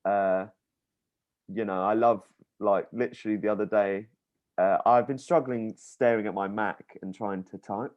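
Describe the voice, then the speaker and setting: A man's voice: on the low side, fairly even intonation, measured pace, lo-fi sound. A young man from England hosting a podcast in casual chat, rambling with lots of fillers and laughs. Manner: rambling, with many likes and laughs. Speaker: podcast host.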